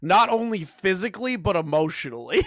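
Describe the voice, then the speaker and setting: A man's voice: medium pitch, expressive, normal speed, a bit bright, no room sound, studio quality. A man doing casual live commentary on a clip, crude and mocking, often laughing. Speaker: streamer reacting to a clip.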